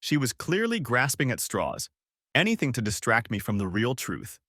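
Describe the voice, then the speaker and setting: A man's voice: mid-range voice, huge pitch swings, moderate pace, pushed and bright, no echo, studio quality. A man narrating a first-person revenge story in a dramatic, sarcastic storytelling manner. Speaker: audiobook narrator.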